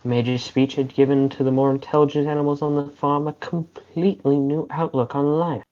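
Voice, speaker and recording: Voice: medium pitch, little pitch movement, a little fast, a little hiss or hum. A game player reading a book aloud and narrating in a playful, mock-grand way over voice chat. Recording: lo-fi voice chat audio.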